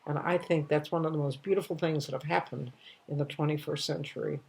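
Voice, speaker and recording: A woman in her eighties telling a personal story at home, in a halting way with restarts and soft trailing phrases. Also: low-pitched, fairly even intonation, gravelly, slightly rough. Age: 80s. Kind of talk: casual storytelling monologue.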